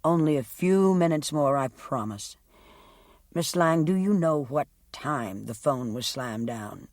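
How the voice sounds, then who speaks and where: A woman voicing a male prosecutor in an audiobook, asking formal, deliberate questions. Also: low voice, lively intonation, darkish tone, no echo, clean studio sound. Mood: questioning. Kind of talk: audiobook character reading.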